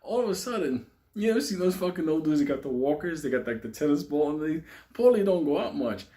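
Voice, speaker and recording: A man's voice: fairly high pitch, fast talker. A man telling a comic story from his youth, cursing freely and laughing as he goes. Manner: profane, animated, laughs while telling.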